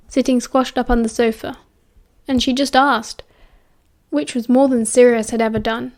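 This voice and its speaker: Woman, British accent, audiobook narrator, steady storytelling, slightly high voice. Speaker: audiobook reader.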